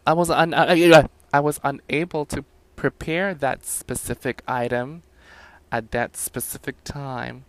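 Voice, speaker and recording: A young man venting about his fast food job in a profane, animated, sassy rant. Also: mid-range voice, dry recording. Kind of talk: casual rant to camera.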